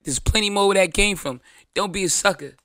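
A man's voice: high-pitched, a little fast, a bit bright, dry recording, studio quality. A man, hosting his show in a blunt, profane, joking monologue. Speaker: show host. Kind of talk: casual monologue.

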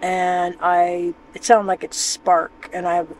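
A man's voice: high voice, monotone, slow pace, a little hiss or hum, poor audio. Chatty man rambling in his van. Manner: rambling, joking, talks to his dog. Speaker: van-life vlogger. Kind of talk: casual vlog chatter. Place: inside a camper van.

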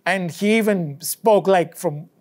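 A man's voice: sits high, takes it slowly, a little mellow. A male economics professor telling an anecdote during a university lecture, a non-native English speaker who acts out both sides of the dialogues as he goes. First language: not English.

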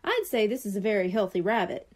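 Storybook vet, gentle and calm, lively rise and fall, read by a woman. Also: medium pitch, fast, slightly rough. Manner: calm, reassuring. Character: kind gentle male veterinarian.

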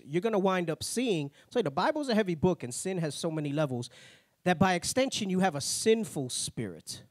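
A man teaching a Bible class in a plain-spoken, conversational way, tagging his points with a quick "right?". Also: sits high, no room sound, clean studio sound. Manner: tags nearly every point with "right?"; plain-spoken, slangy asides.

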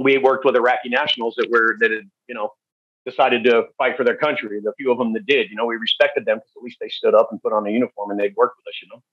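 Guy telling old stories kinda haltingly, lots of ums, dry muffled audio. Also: medium pitch, no echo. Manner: candid, halting storytelling with many fillers. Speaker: guest. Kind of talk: storytelling interview. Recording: dull, dry lo-fi recording.

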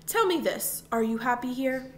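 A woman reading the part of a stern but weary father in a storybook, measured and slightly sad. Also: high-pitched, lively intonation, a little hiss or hum. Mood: grave.

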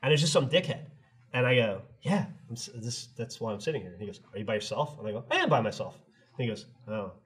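A man's voice: medium pitch, expressive, quick pace, slightly rough. A middle-aged man on a podcast, telling a long story in casual chat and acting out both sides with laughs. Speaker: podcast co-host.

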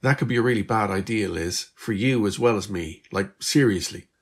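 A man voicing a teenage girl from the future, anxious and stammering, in a husky voice. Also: on the low side, moderate pace.

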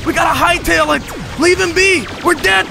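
A man streaming a space game, chatting casually, swearing and breaking into shouts when the fighting starts. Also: very high-pitched, moderate pace, vocal fry, over music. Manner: excitable, swearing, jumps to shouting in combat. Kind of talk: casual gameplay commentary.

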